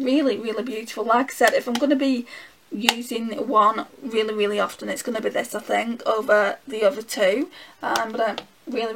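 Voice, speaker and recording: A woman's voice: fairly high pitch, vocal fry, poor audio. A woman with a Northern English accent, chatting casually to viewers while she swatches makeup and thinks aloud. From England. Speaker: beauty vlogger.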